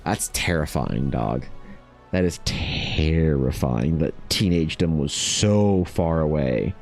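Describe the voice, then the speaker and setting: Laid-back low-voiced man chatting while drawing. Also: darkish tone. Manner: laid-back, rambling, laughs often, says dude and bro. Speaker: artist livestreaming. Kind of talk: casual chat while drawing.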